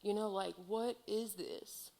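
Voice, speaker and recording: A woman's voice: medium pitch, fairly even intonation, slow pace, gravelly, mellow. A woman sharing a heartfelt personal testimony in church, speaking earnestly and filling her sentences with "like" and "um.". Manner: earnest, heartfelt, filler-heavy with many "like"s.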